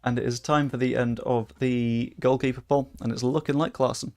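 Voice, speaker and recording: A young man casually commentating a livestream while he plays, chatty, swearing freely and reacting loudly to the game. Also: medium pitch, steady tone, moderate pace. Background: faint background music.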